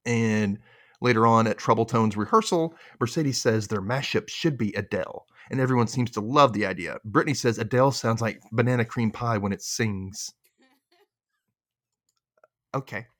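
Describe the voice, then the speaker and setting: A young man hosting a podcast, recapping a TV episode in an animated, chatty way and laughing at his own jokes. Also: mid-range voice, normal speed. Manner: animated, chatty, self-amused with frequent laughs. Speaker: podcast host.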